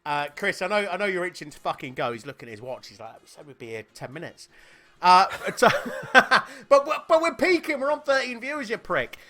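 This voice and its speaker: A man's voice: sits high, animated, fairly quick, hardly any pauses, bright, forceful tone. A man with a Northern Irish accent co-hosting a podcast, swearing and laughing through casual banter. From Northern Ireland. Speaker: podcast co-host.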